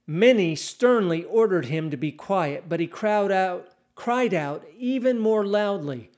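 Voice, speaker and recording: A man's voice: high-pitched, unhurried, few pauses. A man preaching a sermon, reading scripture aloud and acting out the quoted cries with a raised voice. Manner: animated, acts out scripture quotes, raising voice for cries.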